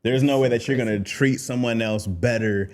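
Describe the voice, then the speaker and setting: A man's voice: mid-range voice, normal speed, a little mellow. A man co-hosting a podcast, arguing his point in a casual debate, emphatic and insistent, often breaking into laughter. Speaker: podcast co-host.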